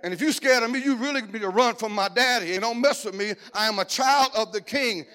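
High-voiced joking male preacher. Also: brisk. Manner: lively, joking storytelling preacher style. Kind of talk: sermon.

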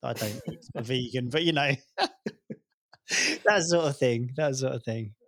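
A man's voice: mid-range voice, measured pace, no echo, clean studio sound. A British man co-hosting a casual podcast, teasing his friend with easy banter. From Britain. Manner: teasing, banter, calls people mate. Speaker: podcast co-host. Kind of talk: casual chat.

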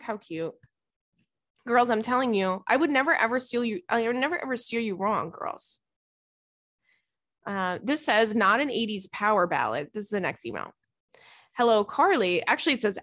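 A woman's voice: a little high, moderate pace, dry recording. Chatty woman podcast host, dry sound. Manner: animated, chatty, with laughs and gasps. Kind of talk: reading listener emails aloud.

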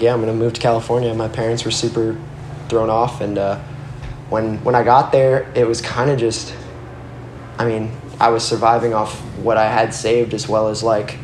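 A young man, a guest skateboarder, tells loose, rambling stories in casual conversation, swearing and saying "like" constantly. His mid-range voice has little pitch movement and a moderate pace. There's a roomy echo plus a bit of hiss or hum.

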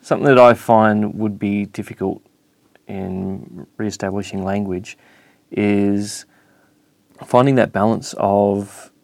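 A man's voice: fairly low pitch, fairly even intonation, takes it slowly, creaky, a little mellow, no room sound. A man asking interview questions in a hesitant, searching way.

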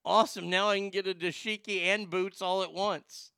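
A man hosting a comedy show, ranting crudely and making a prank call, excitable, profane and full of stammered restarts. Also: high-pitched, normal speed, vocal fry, smooth, no room sound, clean studio sound.

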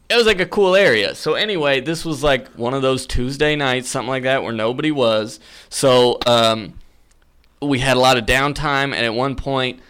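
A young man telling a story on a podcast, loose and full of fillers, getting animated at the spooky parts. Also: mid-range voice, clear, resonant tone. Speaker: podcast guest. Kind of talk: casual storytelling.

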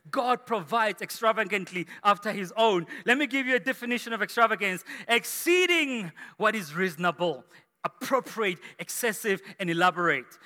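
A man preaching a sermon as pastor to his church, energetic and rising to shouts, from South Africa. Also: high voice. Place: large church hall. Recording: echoey church hall.

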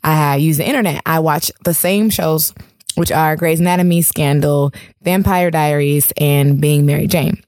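A woman's voice: low-pitched, steady tone, normal speed, darkish tone, no room sound, clean studio sound. A young woman from New York co-hosting a podcast, telling stories in a candid, chatty way with frequent laughs. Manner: candid, storytelling, laughs often. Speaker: podcast co-host. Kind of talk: casual chat.

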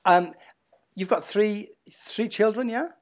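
A man's voice: high voice, takes it slowly. A man with an Australian accent hosting a podcast interview in casual chat, talking easily with plenty of fillers and restarts. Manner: chatty and easygoing, with frequent fillers and restarts. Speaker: podcast host.

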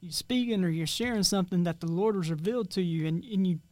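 A man's voice: sits high, quick pace, darkish tone, no room sound. A man hosting a faith podcast, earnestly reading aloud a reflection he wrote. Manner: earnest, reads his own written reflection aloud. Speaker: podcast host. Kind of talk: casual faith conversation and devotional reading.

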